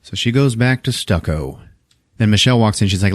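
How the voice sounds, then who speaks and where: A man with a fairly low, expressive voice talks quickly as he retells a movie on his podcast, cursing freely, laughing often and acting out the characters' dialogue. The recording is dry and of studio quality.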